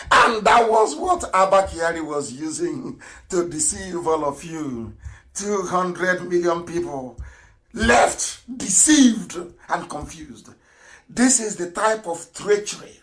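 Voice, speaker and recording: A man hosting an impassioned political broadcast, swinging between loud declarations and low asides and laughing often. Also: rough recording. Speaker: broadcast host.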